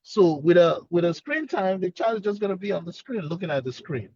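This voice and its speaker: A man's voice: high voice, lively intonation, a little fast, darkish tone, breathy edge, dry recording, dull audio. A man, a speech-language pathologist, explaining earnestly on a webinar and repeating his key points.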